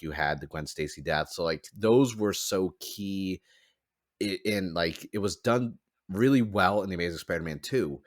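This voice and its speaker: A man's voice: low-pitched, no room sound, studio quality. A man hosting a podcast in casual chat, rambling with lots of "like" fillers. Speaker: podcast host.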